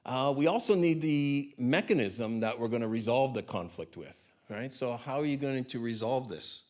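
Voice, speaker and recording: A man's voice: medium pitch, expressive, moderate pace, darkish tone. Conversational man giving a talk. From Canada. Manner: conversational, many tag questions. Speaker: conference speaker. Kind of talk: conference talk. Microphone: handheld mic, hot gain.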